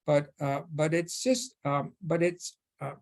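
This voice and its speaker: A man with a slightly higher-than-usual voice tells a story to a forum audience. He stops and restarts often, stumbling over fillers, and laughs easily as the story goes on. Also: steady tone. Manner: halting, with many restarts and fillers. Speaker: guest speaker at a faith forum. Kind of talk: storytelling talk.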